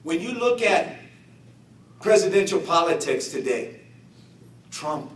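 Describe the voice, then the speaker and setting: A man's voice: high voice, sing-song, slow. A middle-aged man giving a rhetorical political speech to a community meeting, mixing fervor with joking asides. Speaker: guest speaker. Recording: echoey room, voice picked up from a distance.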